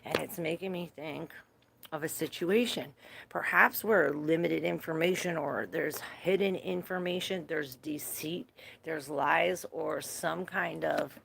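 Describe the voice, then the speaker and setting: A woman's voice: deep voice, a little slow, creaky, a bit bright, slight background noise. A woman giving a casual live tarot reading, chatty and laughing often, cursing freely as she talks to her viewers. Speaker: tarot reader.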